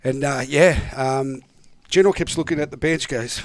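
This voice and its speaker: A man's voice: medium pitch, moderate pace. A man with an Australian accent, a former footballer telling stories as a guest in a casual chat, acting out what people said. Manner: animated yarn-spinning, acts out quotes. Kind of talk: casual storytelling.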